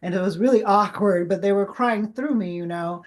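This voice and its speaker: A woman's voice: medium pitch, normal speed, a little mellow. A woman guest telling her story in a casual interview, chatty and full of fillers. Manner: chatty, acts out quoted dialogue, many fillers.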